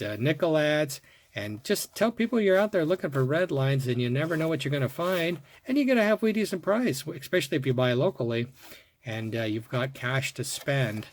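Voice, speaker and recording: A middle-aged man who collects toy cars hosts his own video, casually showing off his finds in a hands-on show-and-tell. His voice is a little high, and he mutters softly while working before bursting into excitement over the rare ones, with slight background noise.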